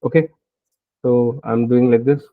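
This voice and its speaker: A man's voice: mid-range voice, little pitch movement, unhurried, dry recording, phone-quality sound. A man teaching programming as he codes live, thinking aloud and often checking in with "right?". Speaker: programming instructor. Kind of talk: live coding tutorial.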